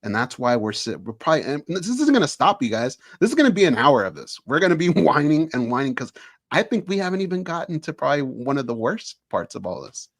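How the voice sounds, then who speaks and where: A man's voice: a little high, big pitch swings, quick pace. A man co-hosting a sports roundtable, ranting with passion and owning that he sounds whiny. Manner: impassioned, self-aware complaining. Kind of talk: passionate rant.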